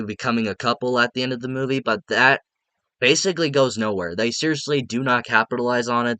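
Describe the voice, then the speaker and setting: A man's voice: medium pitch, pushed and bright, clean tone, dry recording. A man giving a casual, rambling spoken movie review, frank and often restarting his sentences.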